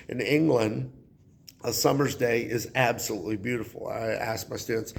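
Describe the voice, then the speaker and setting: Gravelly-voiced male teacher from Texas. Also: medium pitch, moderate pace, slight background noise. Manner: relaxed, conversational, with fillers. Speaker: high school English teacher. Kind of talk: classroom lesson explanation.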